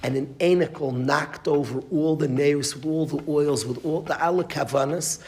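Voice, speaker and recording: A man's voice: fairly high pitch, normal speed, a little mellow. A man giving a Torah class as a rabbi, emphatic, repeating phrases and restarting mid-sentence, with Yiddish and Hebrew terms.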